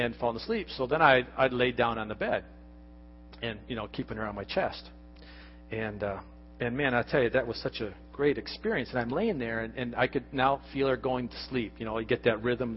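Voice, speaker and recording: A man's voice: medium pitch, big-room sound, highs cut off, a little hiss or hum. An older man preaching a sermon as a pastor, telling stories earnestly with frequent restarts. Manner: earnest storytelling with many restarts. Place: church sanctuary.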